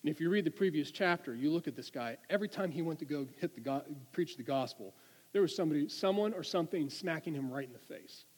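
A man's voice: fairly high pitch, expressive, quick pace, long reverb tail. A man preaching a sermon in an earnest, conversational way, often restarting his sentences.

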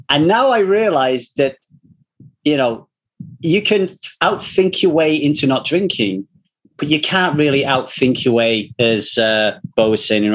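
A man, a recovery coach, talking casually in a rambling way, swearing freely and telling animated stories. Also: medium pitch. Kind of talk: casual conversation.

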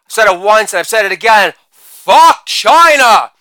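A male comedian doing a crude insult roast, with brash delivery and shouted catchphrases. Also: sits high, big pitch swings, measured pace, no echo.

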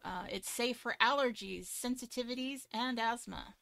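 A woman's voice: a little high, normal speed, gravelly, a bit bright, a little hiss or hum. A woman co-hosting a podcast, chatting casually, laughing often and reading sponsor copy with some stumbles. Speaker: podcast co-host. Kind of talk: casual chat with a read sponsor ad.

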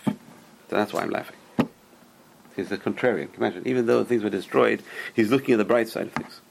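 A man's voice: fairly low pitch, fast, gravelly, darkish tone, a little hiss or hum. A man teaching a Torah class, retelling old stories with rhetorical questions and Hebrew terms mixed in.

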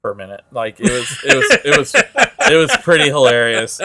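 A man's voice: mid-range voice, sing-song, a little fast, a crowd in the background. A young man co-hosting a podcast in casual chat, laid-back, laughing and swearing. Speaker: podcast co-host.

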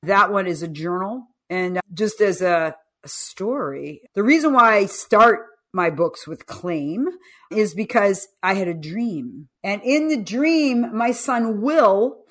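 A woman in her fifties speaks slowly at a medium pitch. She's a coach and author appearing as a podcast guest, telling lively stories and performing the voices of the people she quotes.

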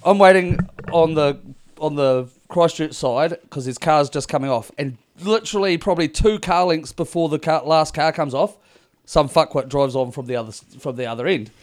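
A man's voice: on the high side, moderate pace. A New Zealand man co-hosting a casual podcast, telling a rowdy story with heavy swearing and laughter. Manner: rowdy storyteller who swears heavily and laughs through his stories. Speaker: podcast co-host. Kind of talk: casual chat.

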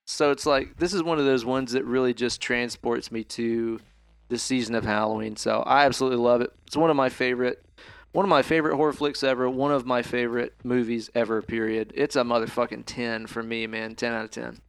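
A man's voice: mid-range voice, steady tone, a little fast, gravelly, clean tone, dry recording. A man co-hosting a podcast, chatting casually and enthusiastically about a movie, rambling a bit and swearing now and then. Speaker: podcast co-host. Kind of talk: casual movie review chat.

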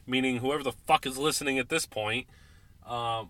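A tipsy man hosting a casual sports podcast, ranting and swearing in exasperation, with sudden loud outbursts between beers. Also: medium pitch, normal speed. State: drinking beer, tipsy. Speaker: podcast host.

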